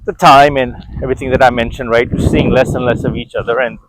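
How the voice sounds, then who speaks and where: Talking fast in a steady, mid-range voice over a noisy background, a vlogger tells candid personal stories to camera. He keeps it conversational, repeats words and often pauses to ask his viewers "right?"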